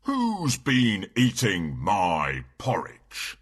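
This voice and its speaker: A man voicing a big, gruff father bear in a storybook read-aloud, husky and booming. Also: wildly swooping pitch, extremely slow, a bit bright, dry recording, studio quality, exaggerated voice. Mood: indignant.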